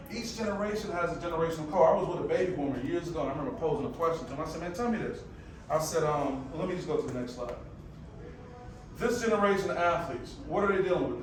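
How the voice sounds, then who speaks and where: A man in his forties giving a casual, animated conference presentation on sport psychology to a room of listeners. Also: on the high side, background noise. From United States. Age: 40s. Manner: animated, conversational, quotes people in voices. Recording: echoey room, mic at a distance.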